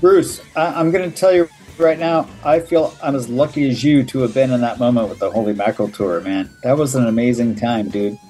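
A man telling tour stories as a guest in casual chat, excitable and full of swearing. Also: mid-range voice, fairly quick, hardly any pauses, faint music behind. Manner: excitable, profane, acts out quotes. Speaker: guest, former tour crew. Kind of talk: casual storytelling.

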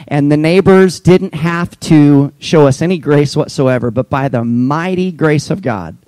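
High-voiced teasing male pastor. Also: dark tone, no room sound, low-quality recording. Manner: playful, teasing. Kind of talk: humorous church announcements.

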